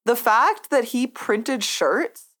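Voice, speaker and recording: A woman's voice: fairly high pitch, lively intonation, takes it slowly, fairly bright tone. A young woman co-hosting a podcast, casually telling stories with the odd giggle. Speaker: podcast co-host. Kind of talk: casual chat.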